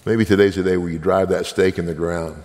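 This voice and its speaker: A man's voice: low-pitched, steady tone, brisk, a little mellow, big-room sound. A man giving an earnest sermon testimony as a minister, appealing directly to his listeners.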